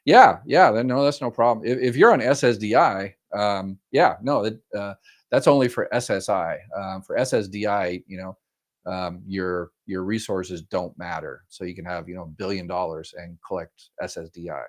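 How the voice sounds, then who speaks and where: A man's voice: sits low, normal speed. A man hosting a live stream, reading viewer comments aloud and answering them informally with many fillers and a friendly "y'all". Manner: friendly, says "y'all" often. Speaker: host answering viewer questions. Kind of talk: live-stream Q&A, casual chat.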